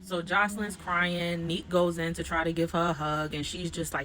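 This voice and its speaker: A woman's voice: fairly low pitch, fairly even intonation, moderate pace, hardly any pauses, fairly bright tone, slight background noise. A woman vlogger recapping a reality TV episode in a casual, slangy, conversational storytelling voice.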